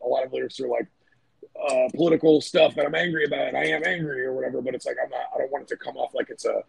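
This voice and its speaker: A man's voice: medium pitch, steady tone, rapid-fire, no echo, poor audio. A man, a band's singer and guitarist, talking casually and loosely in a podcast chat, with lots of fillers and swearing. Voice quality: gravelly, husky voice. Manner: rambling, loose, swears often, many fillers.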